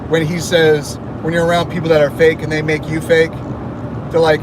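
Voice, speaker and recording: A man's voice: a little high, completely flat delivery, moderate pace. A man vlogging casually from his car as he drives to work, chatting and joking as his thoughts wander. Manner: chatty, jokey, wandering talk. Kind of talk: casual rambling car vlog. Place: car on a highway. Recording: car road noise behind voice.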